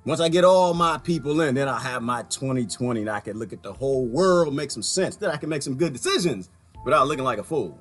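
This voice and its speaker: A man's voice: medium pitch, expressive, fast. A man hosting a casual livestream, rambling and laughing often as he talks straight to his viewers. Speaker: livestream host.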